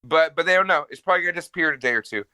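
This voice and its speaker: Animated, bright-voiced man chatting. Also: fairly high pitch, rapid-fire, clear, resonant tone, no room sound. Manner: playful and animated. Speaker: podcast co-host. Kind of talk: casual comedic chat. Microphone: home microphone on a call.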